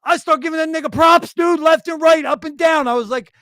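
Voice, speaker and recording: Man, high-pitched, profane animated rant, mocking impressions, dry recording. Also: fairly quick, few pauses, no echo. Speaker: co-host. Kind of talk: casual crypto stream chat.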